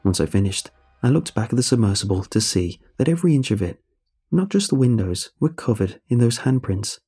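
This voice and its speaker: Brief: man reading horror fiction, grave and measured, husky dark tone. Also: mid-range voice, sing-song, faint music behind. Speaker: horror story narrator. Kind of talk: scripted horror narration.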